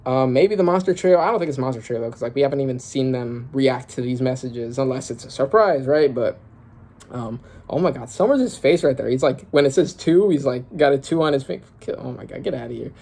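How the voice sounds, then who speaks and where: A young man reacting casually to a comic while reading it aloud, excitable and slangy, thinking aloud with lots of fillers. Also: medium pitch, fairly quick. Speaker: manga reaction creator.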